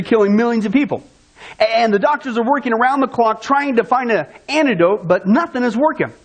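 Man, preacher, sermon, very high pitch, rhetorical questions, storytelling. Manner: rhetorical questions, then answering them himself; storytelling, draws the listener into a scenario.

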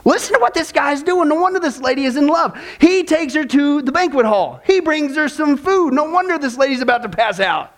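A male pastor delivering a sermon with a strikingly high voice for a man. He talks in an emphatic, chatty way. He keeps pulling his listeners in with quick asides and checks. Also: expressive. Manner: emphatic, repeats "listen" and "okay?".

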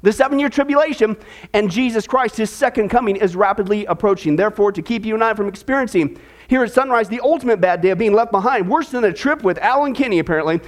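A man preaching a sermon to his congregation, animated and joking with them. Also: high-pitched, fast. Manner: animated, jokey, talks to the congregation. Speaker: pastor. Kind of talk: sermon with a told joke.

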